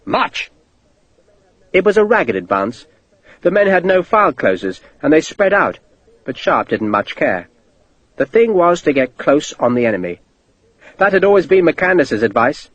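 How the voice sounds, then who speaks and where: A male audiobook narrator telling the story in a steady, vivid way. His voice is slightly husky, with lively shifts in pitch, and the recording sounds dry and close. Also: moderate pace, no room sound, muffled recording. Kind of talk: scripted narration.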